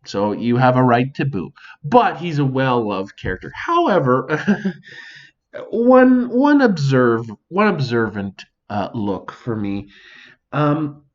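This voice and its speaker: A man's voice: medium pitch, big pitch swings, takes it slowly, dull audio. A man hosting a casual solo podcast, swearing freely and speaking to an imagined audience, recorded at home. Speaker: podcast host. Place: home near a sink.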